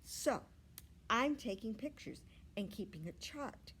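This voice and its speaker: Eager chatty schoolgirl voiced by a woman reader, high bright voice, slow. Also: lively intonation, slight background noise.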